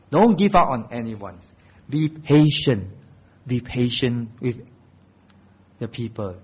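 A man delivers a sermon in a slightly husky, medium-pitched voice, building to loud, emphatic peaks before dropping soft and slow on key phrases. The recording sounds dull and lo-fi.

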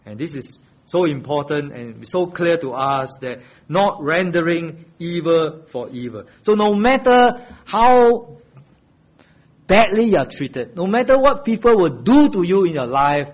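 A man preaching a sermon with emphatic delivery, swinging between loud and soft and repeating key phrases while asking the congregation questions. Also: muffled recording. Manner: emphatic preaching with wide swings in pitch and loudness. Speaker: pastor.

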